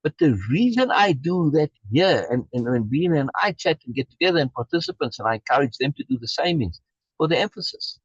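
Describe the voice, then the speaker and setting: Emphatic husky man on a video call. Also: a little high, expressive, fairly quick, no echo. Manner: emphatic, repeats key phrases. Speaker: program leader reading and commenting. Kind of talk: reading aloud with reflective commentary. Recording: dull lo-fi video call audio.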